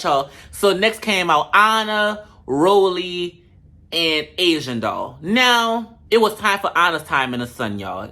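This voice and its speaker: High, bright-voiced man roasting a show. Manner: animated, profane and sassy, with bursts of laughter. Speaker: reality show reviewer. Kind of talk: casual comedic show recap.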